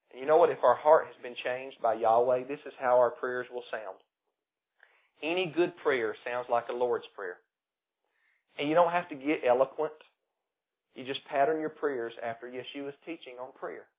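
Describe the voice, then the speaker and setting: A man with a Southern drawl preaching a sermon, rising loud on key words and dropping low again. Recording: tinny phone-like recording.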